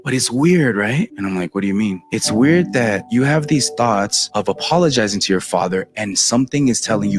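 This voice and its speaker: Deep-voiced man telling a tearful testimony. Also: lively intonation, brisk, hardly any pauses. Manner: emotional storytelling, acts out quoted voices. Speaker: guest. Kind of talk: personal testimony.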